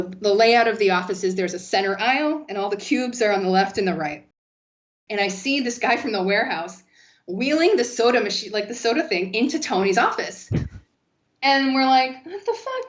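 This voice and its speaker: Animated, profane woman telling stories. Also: on the high side, dull audio. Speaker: podcast guest. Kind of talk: casual storytelling.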